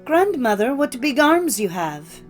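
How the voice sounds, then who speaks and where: Little storybook girl, innocent and wide-eyed, higher and sweeter, as a woman reads her. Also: sing-song, slow, faint music behind. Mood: wondering. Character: innocent little girl in red, naive and wondering.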